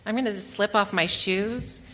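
A woman's voice: mid-range voice, fairly even intonation, normal speed, sharp tone, slight background noise. A woman giving a public talk to an audience in a lecture hall, mixing wry, dry asides into her narration. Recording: long hall reverb.

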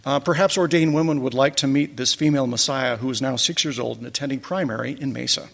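A man's voice: mid-range voice, fast, vocal fry, big-room sound. A man giving a casual talk over slides, telling wry stories with chuckling asides. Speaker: presenter recounting a church pageant.

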